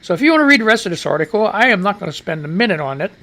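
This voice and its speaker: A man's voice: high-pitched, very animated, rapid-fire, pushed and bright. A middle-aged American man hosting a live radio news show, rambling and profane, talking back to himself as he reads the news. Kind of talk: casual live-stream news commentary.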